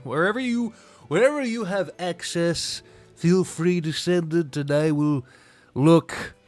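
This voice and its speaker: A man's voice: mid-range voice, a bit bright, smooth. A man streaming a strategy game, rambling casually, talking to himself and swearing often. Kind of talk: casual live-stream chat while gaming.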